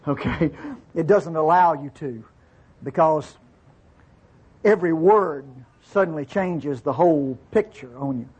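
Reading verses aloud and then explaining them, a man teaches from the Bible in a relaxed, conversational way. His voice sits high and is slightly rough, and he keeps checking in with his listeners.

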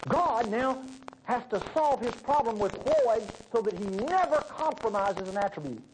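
A man's voice: high voice, a little hiss or hum, poor audio. A man preaching a sermon, acting out voices in his stories. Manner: folksy, animated, acts out voices in stories.

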